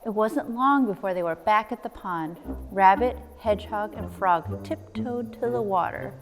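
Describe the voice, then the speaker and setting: A woman's voice: mid-range voice, normal speed, in a large hall, faint music behind. A woman, a nature center coordinator, reading a children's book aloud expressively with sound effects.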